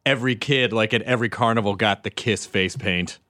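A man's voice: lowish voice, a little fast, sharp tone, dry recording, studio quality. Chatty man hosting a podcast. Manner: chatty, joking, interjects often. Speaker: podcast host. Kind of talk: casual interview chat.

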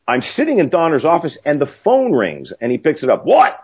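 An older man telling stories casually, animated and profane, acting out other people's lines. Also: fairly high pitch, fairly quick, breathy edge. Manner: animated, profane, acts out quoted voices. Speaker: film writer-director guest. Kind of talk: casual anecdotal storytelling. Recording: muffled lo-fi audio.

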